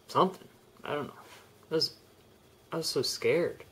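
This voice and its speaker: A man's voice: on the high side, moderate pace, long pauses, a bit bright, slightly rough. A young man telling a personal story in a candid, rambling vlog, often restarting his sentences. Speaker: vlogger.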